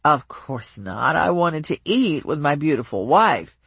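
A domineering drunk husband slurs low, drawn-out demands, put on by the narrator. He pushes his words out slowly and expects to be obeyed. The audiobook voice is husky and dry. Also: big pitch swings, fairly bright tone, no room sound, full character voice. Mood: drunk wheedling. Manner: slow and demanding. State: drunk, slurred speech.

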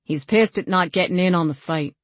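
A woman reading the lines of a calm, protective young male warrior in a plain, even way. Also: lowish voice, fairly quick, dry recording, lightly acted. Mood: quick, gentle.

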